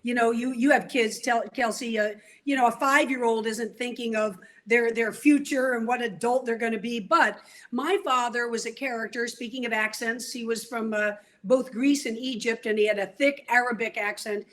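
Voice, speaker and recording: An older woman from New York, telling her story as an interview guest in a lively, vivid way. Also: a little high, normal speed.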